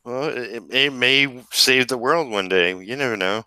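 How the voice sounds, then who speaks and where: A man's voice: medium pitch, measured pace, pushed and bright, clean tone, dry recording. A man hosting a casual video call chat, laughing a lot and teasing his guest. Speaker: host.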